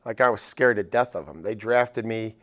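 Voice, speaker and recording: Middle-aged guy with a lowish voice, coach on a podcast, laid-back rambling stories, lots of you knows. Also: normal speed. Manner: relaxed, rambling anecdotes with many "you know" fillers. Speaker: football head coach, guest. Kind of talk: casual interview storytelling.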